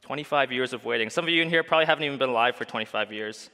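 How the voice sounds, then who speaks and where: A man's voice: mid-range voice, racing, bright, forceful tone. A man preaching a sermon as pastor, earnest, putting many questions to the listeners. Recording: long hall reverb.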